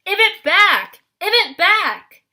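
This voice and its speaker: A woman voicing a hot-tempered old hag taxi driver who wails and yells. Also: on the high side, sing-song, moderate pace. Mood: yelling. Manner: wailing, yelling.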